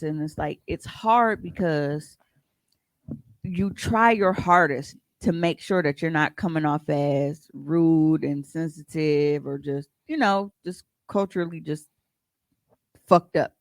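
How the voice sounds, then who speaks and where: A podcast co-host telling stories in a casual, profane and animated way, often breaking into laughs. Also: mid-range voice, a little slow, no echo. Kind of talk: casual storytelling chat.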